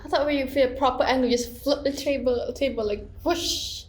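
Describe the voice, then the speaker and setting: A woman's voice: high-pitched, steady tone, moderate pace. A woman co-hosting a student podcast in playful casual chat, who sometimes stumbles over words. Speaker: podcast co-host.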